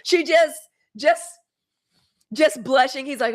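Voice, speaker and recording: A woman's voice: high voice, animated, unhurried, a bit bright. A young woman from Mississippi, hosting a live show in casual, gossipy chat, cursing freely. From Mississippi, USA.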